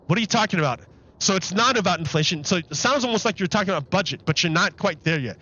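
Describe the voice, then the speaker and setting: A man's voice: high voice, animated, fast, pushed and bright, dull audio. A man live-streaming commentary on a political interview, exasperated and repeating his questions over the clip.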